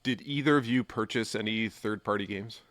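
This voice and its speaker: A man's voice: on the low side, normal speed, a bit bright, no echo. A man on a gaming podcast, chatting casually in a hesitant way with many fillers. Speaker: podcast host. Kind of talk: casual chat.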